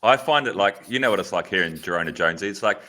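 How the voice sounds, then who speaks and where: A man's voice: deep voice, animated, racing, sharp tone, slight background noise. A young man co-hosting a podcast, telling wry, self-mocking stories in casual chat. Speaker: podcast co-host.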